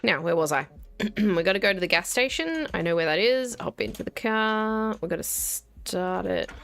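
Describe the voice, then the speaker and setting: A woman's voice: mid-range voice, animated, moderate pace, creaky, fairly bright tone. An Australian woman in her thirties giving casual, wry gameplay commentary and talking herself through each step. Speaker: gaming video host. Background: faint game music and keyboard typing.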